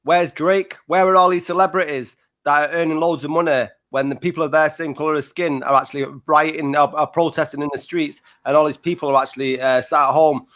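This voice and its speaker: A man's voice: a little high, steady tone, brisk, few pauses, fairly bright tone. A man co-hosting a casual podcast, ranting in heated, sweary bursts. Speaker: podcast co-host. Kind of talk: casual chat.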